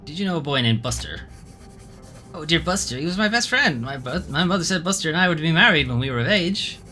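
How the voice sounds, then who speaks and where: A sweet, timid little girl speaks softly, put on by a man in a raised voice. Her lines come out childlike and bright, with lively pitch. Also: quick pace, slight background noise. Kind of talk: reading game dialogue aloud.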